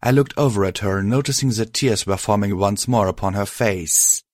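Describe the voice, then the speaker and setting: A man reading a first-person story aloud in a steady, measured way. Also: on the low side, dry recording, studio quality. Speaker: reader. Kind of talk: first-person fan fiction audiobook narration.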